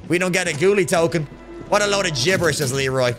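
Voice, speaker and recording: Soft background music plays under a fairly high-pitched man's voice moving at a quick pace. He's from Ireland, live-streaming a shooter game, loud and joking, swearing freely, shouting at the game, and reading chat aloud.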